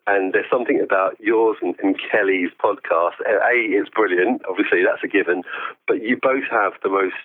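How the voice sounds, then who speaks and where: A man's voice: lowish voice, normal speed. Enthusiastic man on a phone line. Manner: enthusiastic, chatty, laughs often. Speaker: podcast guest. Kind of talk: remote interview. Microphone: phone call-in.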